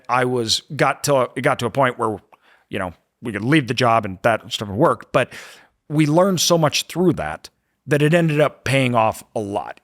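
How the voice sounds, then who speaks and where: A man hosts a podcast interview in an earnest, reflective voice, stressing points by saying them twice. His pitch sits in a middle register. The sound is dry and close, with no room around it. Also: fairly bright tone, no echo. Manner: earnest, reflective, repeats words for emphasis. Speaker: podcast host. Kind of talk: conversational interview.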